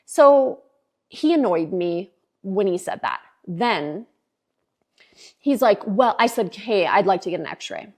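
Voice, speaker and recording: A woman's voice: medium pitch, lively intonation, unhurried, darkish tone. A woman, probably in her thirties, hosting a podcast and telling a personal story in a casual, chatty monologue, exasperated and swearing freely as she acts out the dialogue. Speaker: podcast host.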